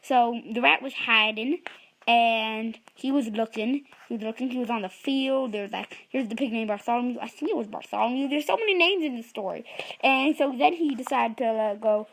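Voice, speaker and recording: A woman's voice: fairly high pitch, moderate pace, creaky, a bit bright, low-quality recording. A woman improvising a rambling story that keeps losing track of its names and correcting itself. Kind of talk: improvised storytelling for a puppet app.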